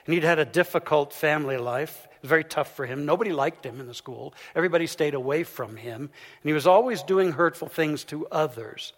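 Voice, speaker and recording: A man giving a sermon, telling a story as he swings from loud, emphatic peaks down to soft, hushed lines. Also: fairly high pitch, fairly quick. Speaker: pastor. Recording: long hall reverb.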